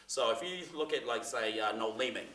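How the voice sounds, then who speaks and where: A man's voice: medium pitch, animated, brisk, fairly bright tone, a little hiss or hum. A man giving a casual, chatty talk to a class, full of fillers and restarts. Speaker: seminar presenter. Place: theatre room. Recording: echoey room, mic from far off.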